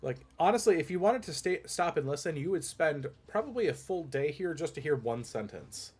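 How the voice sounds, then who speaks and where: A man's voice: fairly high pitch, lively intonation, a little fast, darkish tone, breathy edge. A man narrating a tabletop game as game master, rambling descriptions with frequent restarts. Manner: meandering, many fillers and restarts.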